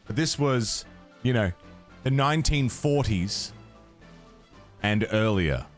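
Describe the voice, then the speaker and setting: An Australian man with a low, expressive voice chats slowly and casually while gaming on stream, with soft music in the background. He swears freely, laughs often, and rambles with frequent restarts.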